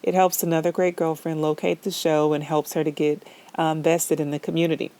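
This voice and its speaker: A woman with a lower, mellow voice opening a podcast episode. She speaks straight to her listeners in a warm, persuasive way. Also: flat delivery, brisk. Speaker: podcast host. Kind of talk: podcast introduction.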